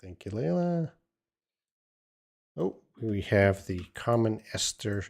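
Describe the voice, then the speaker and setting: A man's voice: lowish voice, sing-song, slow pace, creaky, a little mellow. A man teaching English in a live-stream Q&A from home, answering viewers in a blunt, opinionated, teasing way.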